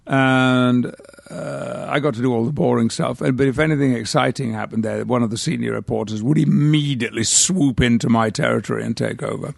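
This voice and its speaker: Older guy from northern england, gravelly voice, rambling through old stories on a podcast, dry close mic. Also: medium pitch, brisk, no echo. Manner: rambling anecdotes with hesitations. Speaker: podcast guest. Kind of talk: casual interview storytelling.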